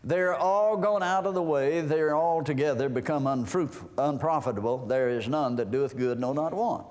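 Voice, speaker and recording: A man's voice: on the high side, moderate pace, a little mellow. A man preaching a sermon in a folksy way, reading scripture aloud and explaining it. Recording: long hall reverb.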